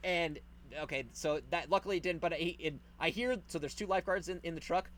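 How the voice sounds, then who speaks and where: A man telling a story in casual podcast chat, animated and profane, acting out the people in it. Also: on the high side, a little fast. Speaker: podcast host.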